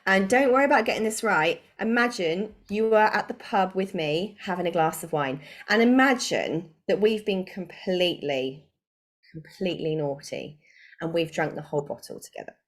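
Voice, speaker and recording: A woman's voice: on the low side, animated, normal speed. A woman running a live business training webinar from a home spare room, talking in a chatty, informal way and laughing often. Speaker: online business coach.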